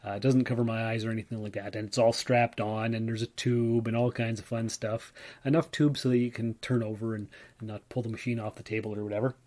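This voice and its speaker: A man's voice: fairly low pitch, flat delivery, quick pace, darkish tone. Rambling chatty man, stumbling over words. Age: adult, working mailman. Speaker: podcast host. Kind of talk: casual solo podcast monologue.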